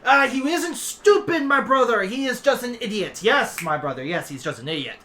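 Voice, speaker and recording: A shrill, bright two-headed dragon king, as a man puts him on in a tabletop game. He tumbles through "yes, yes, yes" with oily, greedy delight, and his two heads squabble and correct each other. The voice rides high and loud, never quite sitting still. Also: expressive, moderate pace, heavily acted. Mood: scheming. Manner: babbles "yes, yes" over and over, heads bicker.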